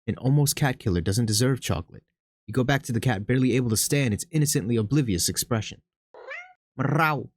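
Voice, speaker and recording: A gaming streamer, a man, reading a text game aloud in a low dramatic voice and breaking into high, excited reactions. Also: brisk, no echo, studio quality.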